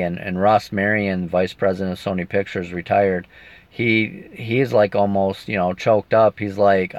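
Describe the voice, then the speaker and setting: A man's voice: lowish voice, flat delivery, moderate pace, dry recording. A man giving a rambling, emotional update to his viewers while sitting in a car, stopping now and then to read their comments. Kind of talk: casual video update. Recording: dull lo-fi sound.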